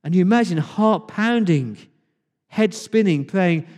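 A man preaching a sermon as pastor, speaking with passion, dramatic pauses and repeated words. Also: high-pitched, lively intonation, darkish tone, long reverb tail. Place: church.

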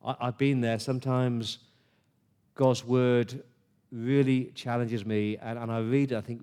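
A man delivers a sermon with a mellow, darker tone. He talks earnestly and conversationally to his congregation, with pauses and restarts. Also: medium pitch, fairly even intonation. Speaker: preacher.

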